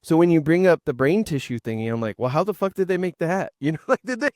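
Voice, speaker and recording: A man hosting a casual talk show, animated, swearing and stumbling over his words. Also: on the high side, fast talker, no room sound, clean studio sound. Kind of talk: casual chat.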